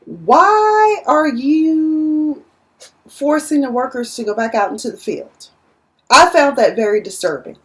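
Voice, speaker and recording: A woman's voice: high-pitched, animated, slow pace. A woman giving a chatty, sassy recap of a TV episode, acting out the characters' lines. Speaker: TV recap vlogger. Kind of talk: casual episode recap and commentary.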